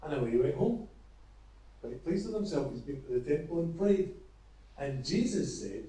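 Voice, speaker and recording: A man preaching an evangelistic sermon, retelling a parable earnestly with halting restarts. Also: on the high side, expressive, mellow. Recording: echoey, from far off.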